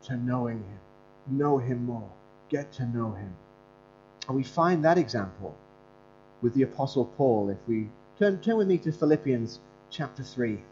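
A man's voice: mid-range voice, lively intonation, normal speed, mellow. Earnest preaching man, humming lo-fi recording. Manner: earnest, storytelling, with fillers and restarts. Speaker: pastor and Bible school leader. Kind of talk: conversational sermon. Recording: dull lo-fi recording with mains hum.

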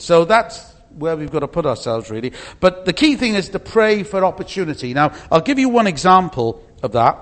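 Chatty middle-aged man preaching. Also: fairly high pitch. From Britain. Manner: chatty, anecdotal, many restarts and asides. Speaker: speaker at a church meeting. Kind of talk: informal talk with slides.

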